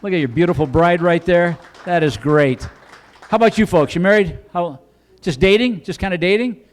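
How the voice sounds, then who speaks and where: Animated stand-up comic, higher voice. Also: male voice, normal speed. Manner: rambling, animated storytelling, bursts into loud put-on voices. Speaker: stand-up comedian. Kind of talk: stand-up comedy set with crowd work. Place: comedy club stage.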